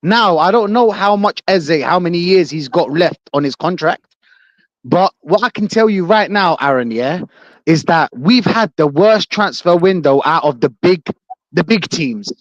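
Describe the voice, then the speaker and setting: A man joining a live chat show as a guest, animated and joking, full of shout-outs. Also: fairly high pitch, measured pace, no room sound, lo-fi sound. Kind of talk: casual live podcast chat.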